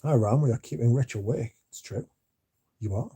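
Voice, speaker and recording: Sleepy man, dark husky voice. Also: mid-range voice, normal speed. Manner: drowsy, yawning, mumbles at times. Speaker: livestream host reading chat. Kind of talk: casual rambling chat.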